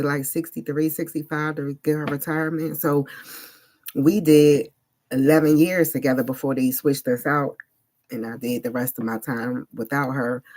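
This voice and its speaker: Low-pitched and darkish in tone, this woman narrates a personal story for her vlog. Expect slang, strong emphasis and constant "like" fillers in a casual delivery.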